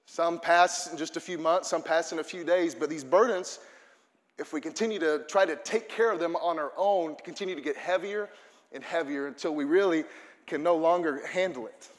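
A man's voice: a little high, normal speed, in a large hall. A man preaching a sermon to his congregation, earnest and building to fervent emphasis. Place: church auditorium.

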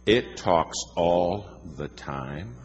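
A man preaching a sermon in a folksy, emphatic way, telling stories and slowing down to stress his points. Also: low-pitched, lively intonation, in a large hall, highs cut off. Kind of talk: sermon with storytelling.

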